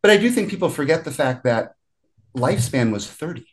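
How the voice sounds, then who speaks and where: A man's voice: fairly high pitch, big pitch swings, a little fast. A middle-aged man, a film writer and director, talking in a casual interview with frequent laughs and restarted sentences.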